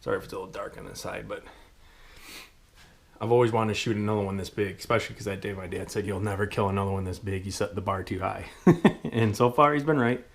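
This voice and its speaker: Young man, low voice, casual hunting story, excitable, rambling, ums and chuckles. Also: quick pace, gravelly. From Michigan. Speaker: hunting channel host.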